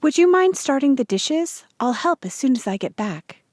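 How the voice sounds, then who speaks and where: A woman reading aloud, voicing a brisk farm mother who turns hoarse with a cold, in a high, lively voice. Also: no echo, studio quality. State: hoarse and croaking when sick. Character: worried farm wife, mother, turning hoarse.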